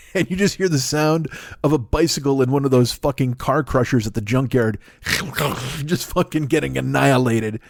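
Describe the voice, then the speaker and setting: A man's voice: medium pitch, normal speed, creaky, no echo. A middle-aged man hosting a comedy podcast, delivering a rambling, sarcastic, profane monologue. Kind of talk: stand-up style monologue.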